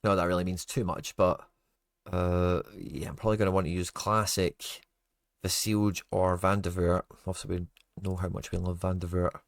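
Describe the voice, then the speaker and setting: A young man in casual stream commentary who gets excitable, groans, scolds himself and chats to his viewers. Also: low voice, normal speed, vocal fry, no room sound, clean studio sound.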